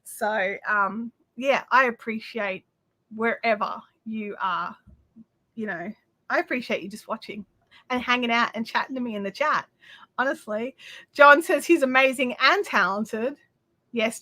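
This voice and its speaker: A woman's voice: on the high side, normal speed, pushed and bright. A woman with an Australian accent hosting a craft livestream from home, chatting effusively with viewers and reading out their comments, full of fillers and restarts.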